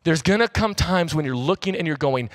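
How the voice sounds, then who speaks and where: A man in his thirties preaching a sermon as pastor, telling stories in a casual, animated way with slang. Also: a little high, brisk. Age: 30s.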